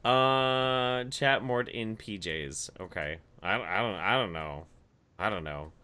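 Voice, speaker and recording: A man's voice: lowish voice, slow, sharp tone, clear, resonant tone. A man co-hosting a live-streamed podcast, swearing casually, joking crudely and trailing off into mumbles. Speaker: co-host.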